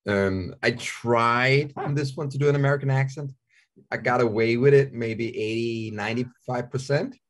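This forties-aged interview guest from Denmark talks with a Danish accent, chatting openly, joking, and frequently repeating himself. He has a medium-pitched voice and speaks at a moderate pace.

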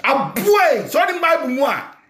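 A Ghanaian man rants like a preacher in a very high voice that swings widely up and down. He shouts often and talks with fierce force. The recording is echoey with a faint hiss behind him. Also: very animated, unhurried. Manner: loud, shouting, fiery. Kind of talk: fiery spoken rant. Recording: echoey room, faint noise.

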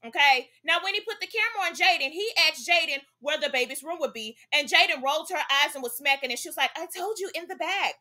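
A woman's voice: high voice, fast, few pauses, pushed and bright. A young woman hosting a celebrity gossip vlog, talking in a sassy, emphatic way and tagging her points with "okay?". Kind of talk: chatty gossip commentary.

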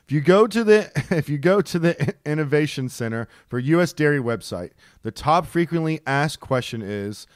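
A man co-hosts a loose comedy podcast. He gets worked up, rants and curses freely. His voice sits a little high, recorded close and dry. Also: normal speed, hardly any pauses, dry recording. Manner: excitable, swears a lot, ranting. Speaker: podcast co-host. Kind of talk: casual comedy podcast chat.

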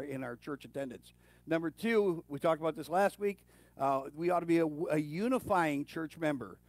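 A man's voice: on the high side, gravelly, dry recording. A man preaching in a casual, folksy way, with fillers and restarts, speaking with his congregation rather than at them. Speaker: pastor. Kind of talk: conversational sermon.

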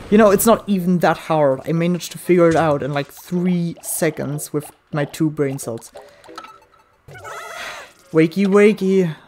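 Let's play gamer, swears a lot, yells then mutters, mid-pitched voice, faint game music. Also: a little slow, pauses often.

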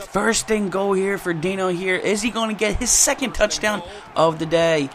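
A young man commentating his own football video game play, getting hyped and shouting at big plays. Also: a little high, fairly even intonation, normal speed. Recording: music playing behind the voice.

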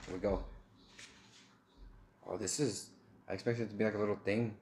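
A young man from Texas tells a loose, joking story in a lowish voice. The room is echoey with a faint hiss under it. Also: steady tone, normal speed, darkish tone. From El Paso, Texas. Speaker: vlogger. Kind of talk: casual story-time chat.

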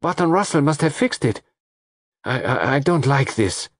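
A man reading aloud, voicing an excitable foreign woman in shrill, agitated outbursts. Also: moderate pace, husky, no room sound, studio quality, full character voice. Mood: frightened.

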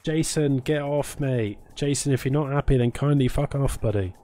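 A man streams a game and talks easily to his chat, teasing viewers and thanking them by name between moves. His voice sits at an ordinary middle pitch. Soft game music plays faintly behind him. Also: normal speed. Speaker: live streamer. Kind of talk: casual live-stream chat while gaming.

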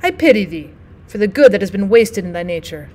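A woman voicing a bitter old male physician bent on revenge, speaking loudly and sternly in old-fashioned words. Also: mid-range voice, very animated, a little fast. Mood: grim.

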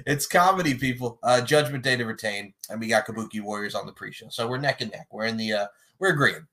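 A man talking casually at a middle pitch, joking as he goes. His delivery is animated and breaks into sudden loud bursts. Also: a little fast. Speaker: podcast host predicting wrestling matches. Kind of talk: casual chat.

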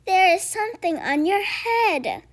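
A woman's voice: extremely high pitch, big pitch swings, unhurried, pitched above the performer's own voice, exaggerated voice. A woman doing an eager, boastful squirrel. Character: chatty, boastful young squirrel.

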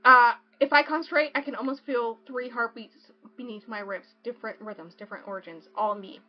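A woman's voice: a little high, fairly quick, soft background music. A young woman hosting a casual podcast, gushing about a book and reading passages aloud. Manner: gushing, excitable, swings between reading and joking. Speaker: podcast host. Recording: dull lo-fi podcast audio.

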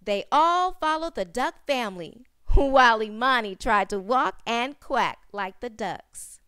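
A woman slowly reading a storybook phonics lesson aloud, repeating each word and then its sound more and more softly. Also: fairly high pitch, animated, clean tone, dry recording, studio quality. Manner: stretches and repeats sounds, drops to soft repeats. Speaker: phonics teacher.

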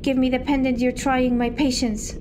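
A woman reading a game's lines for a cold, threatening female bounty hunter, in a plain, slow reading voice. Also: sits high, little pitch movement, background noise, natural voice. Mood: menacing. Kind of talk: game dialogue read aloud. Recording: game music playing behind.

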